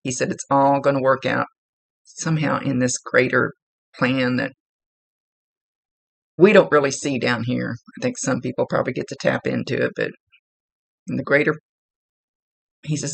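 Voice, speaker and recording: Gravelly-voiced woman giving a psychic reading. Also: rumbling low, little pitch movement, normal speed, pauses often, no room sound. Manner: chatty, relays spirit messages with frequent laughs. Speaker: psychic medium. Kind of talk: mediumship reading, casual relaying of messages.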